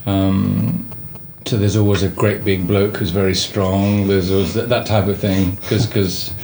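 Low-voiced halting theatre director man. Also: level tone, darkish tone, slight background noise. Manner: halting, many fillers and restarts. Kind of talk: casual interview.

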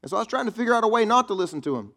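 Male pastor, somewhat high voice, casual joking sermon delivery. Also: lively intonation, rapid-fire, creaky, pushed and bright. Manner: conversational preaching with quips to the congregation.

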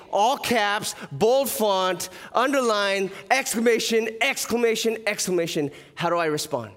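A man's voice: high-pitched, moderate pace, hardly any pauses, soft background music. A man preaching a sermon as pastor, telling stories with humor and asking the listeners questions. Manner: lively storytelling with humor and rhetorical questions.

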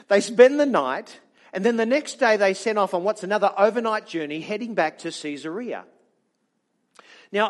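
A man preaching a storytelling sermon in an animated, chatty way, with frequent restarts. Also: high-pitched.

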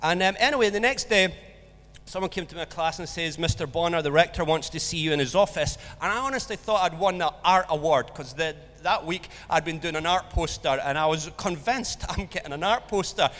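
A man's voice: a little high, a little fast. A man preaching a sermon, telling a school story with acted-out voices. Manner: storytelling, animated, acts out voices in anecdotes. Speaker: pastor. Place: church hall. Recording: long church hall reverb.

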